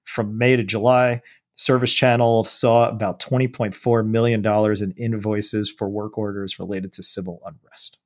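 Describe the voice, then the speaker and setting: A man co-hosting a casual podcast, talking in an animated way about politics and acting out other people's voices. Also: on the low side, normal speed. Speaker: podcast co-host.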